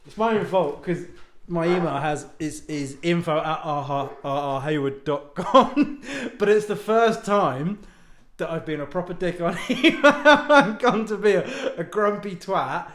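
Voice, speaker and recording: In his home lounge, a man talks casually to viewers, rambling off on tangents, mocking himself and swearing now and then. His voice is high and a bit bright with a measured pace, and the recording has a roomy echo.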